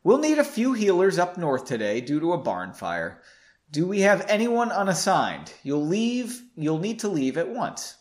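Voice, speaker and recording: A man voicing a calm, businesslike male mage handing out assignments. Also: high voice, a little slow.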